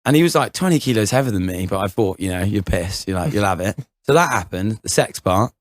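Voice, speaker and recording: A man's voice: fairly low pitch, animated, fast talker, no room sound. A young man on a podcast, telling a rambling anecdote full of fillers and laughs. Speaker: podcast co-host. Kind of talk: casual chat, storytelling.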